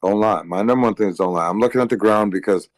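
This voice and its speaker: Man, lowish pitch, tired, crude and rambling livestream ranter, dry sound. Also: quick pace, no echo, rough recording. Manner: crude, rambling, swears constantly, mocks others in high voices. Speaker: livestream co-host. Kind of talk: casual livestream rant.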